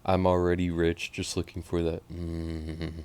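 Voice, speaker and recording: A man from Oklahoma casually reacting to a pop album as host, animated and profane, sometimes mumbling and sometimes bursting out loud. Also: deep voice, measured pace, slight background noise.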